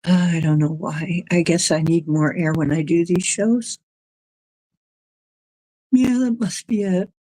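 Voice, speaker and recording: A woman with a low voice hosts a relaxed livestream, drifting loosely between thoughts and picking up viewers' comments as she goes. She takes her time over every phrase. The sound is close and dry, with no room echo. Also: slow pace, long pauses. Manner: rambling, drifting, reacting to chat comments. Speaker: livestream host reading chat. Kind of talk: casual livestream chat.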